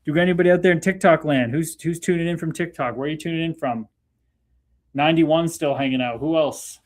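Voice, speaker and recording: A man's voice: a little high, fast. Upbeat chatty Canadian man. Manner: laid-back, chatty, laughs often, talks to viewers by name. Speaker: livestream host. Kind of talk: casual livestream chat reading comments.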